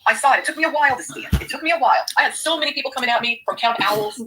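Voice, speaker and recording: Fast, bright-voiced woman commentator. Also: sits high, a little hiss or hum, poor audio. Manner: indignant, lecturing. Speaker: commentary streamer. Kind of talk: reaction commentary.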